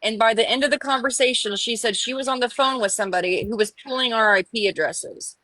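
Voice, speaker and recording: A woman in a casual livestream chat, telling a story with animated retorts. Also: fairly high pitch, fast, no echo, poor audio. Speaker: live stream participant.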